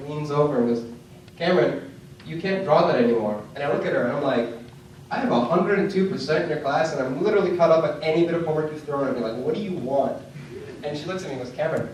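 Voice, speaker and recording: A young man does a stand-up set on a comedy club stage, telling stories and acting out the dialogue, sometimes rising to shouts, while the live audience laughs along. His voice is a little high, and the distant mic in an echoey room picks up slight background noise.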